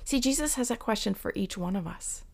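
A woman's voice: mid-range voice, brisk, gravelly. A woman giving a reflective devotional talk, earnest, sometimes dropping to a whisper and acting out the story. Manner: earnest and reflective, drops to whispers for quoted voices; acts out Bible characters with lively shifts.

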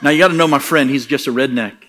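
Animated storytelling preacher, bright voice. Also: male voice, mid-range voice, fast. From United States. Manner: animated, comic voices in quoted lines. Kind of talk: storytelling sermon.

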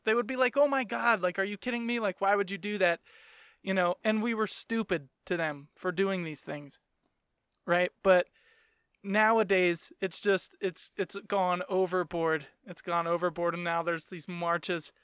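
High-voiced, profane man ranting. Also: a bit bright, clean tone, dry recording, clean studio sound. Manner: profane, laughs often mid-sentence; rambling, keeps tagging "right?". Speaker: podcast host. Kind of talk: casual solo podcast rant.

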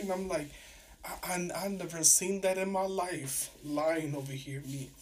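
A young adult man from New York City hosts a podcast, animatedly retelling a story in casual fashion and acting out both sides of the conversation. His voice sits on the high side, his pace is measured, and the mic is distant.

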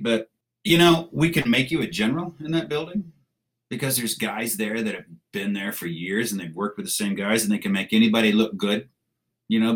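A man's voice: lowish voice, fairly bright tone. Blunt veteran man telling war stories. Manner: blunt, profane, with wry laughs. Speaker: military veteran guest. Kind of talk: casual war storytelling.

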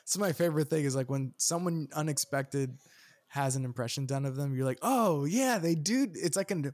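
A man's voice: mid-range voice, steady tone, a little fast, darkish tone, dry recording. Man on a dry close podcast mic. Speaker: podcast co-host. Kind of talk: casual comedy chat.

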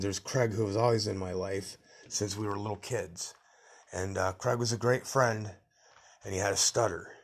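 A middle-aged man hosting a podcast, telling rambling, blunt stories from his youth in a casual monologue. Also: fairly low pitch. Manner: rambling, blunt, tough-guy storytelling. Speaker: podcast host.

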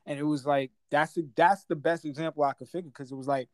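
Slangy, animated man from Guyana. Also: on the high side, quick pace, no echo. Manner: animated, laughing, slangy storytelling. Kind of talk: casual storytelling chat.

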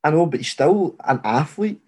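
A man's voice: a little high, moderate pace, slightly rough. Rambling young-sounding man chatting sports. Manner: rambling, leans heavily on "like" as filler; gets loud and animated when arguing a point. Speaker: podcast host. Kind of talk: casual sports chat.

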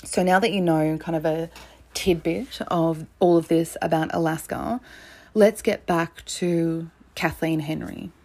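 A woman's voice: low-pitched, steady tone, measured pace, dark tone. A woman hosting a true crime podcast, telling the case in a casual, chatty way with blunt, swearing asides.

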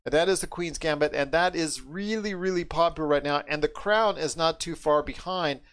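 Upbeat American podcast host, higher voice. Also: male voice, fairly bright tone. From United States. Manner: enthusiastic, drawn-out emphasis. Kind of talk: casual podcast chat.

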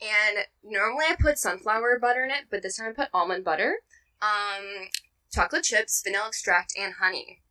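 Giggly bright young woman. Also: mid-range voice, a little fast, recorded from a distance, low-quality recording. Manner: giggly, teasing, lively. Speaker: podcast co-host. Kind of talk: casual chat.

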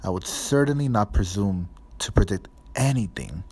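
A man's voice: lowish voice, expressive, moderate pace, darkish tone, slightly rough. A man voicing an airy, dreamy female divination teacher who calls the boy dear.

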